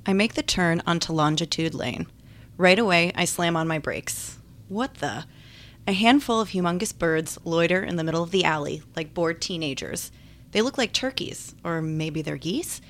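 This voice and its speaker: A woman's voice: lowish voice, moderate pace, a bit bright. A woman giving wry, chatty first-person audiobook narration. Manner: wry, chatty, self-deprecating.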